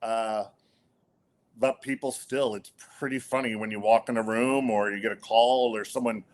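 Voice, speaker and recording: A man from Canada, a whisky brand ambassador, telling stories in a casual interview chat, animated and full of fillers, acting out what others said. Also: lowish voice, normal speed. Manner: animated storyteller, acts out quotes, many fillers.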